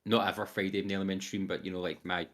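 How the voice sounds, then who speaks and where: A man's voice: sits low, little pitch movement, racing, fairly bright tone. A young man co-hosting a podcast, chatting casually and enthusiastically with lots of fillers. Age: young adult. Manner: enthusiastic, rambling with fillers, quotes voices animatedly. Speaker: podcast co-host. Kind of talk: casual chat.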